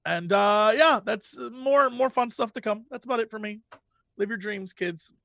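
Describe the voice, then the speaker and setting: A podcast co-host with a high voice jokes playfully and stumbles through his sentences. The sound is close and dry. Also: moderate pace, vocal fry, sharp tone, no echo. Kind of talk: casual podcast chat.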